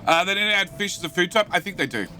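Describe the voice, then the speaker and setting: An Australian man live-streaming a game, his voice sitting a little high and sounding bright and forceful. He rambles along, repeats phrases and drops into low mutters while he works, with faint music playing behind him. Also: animated, fast talker. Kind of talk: casual live-stream commentary, answering chat.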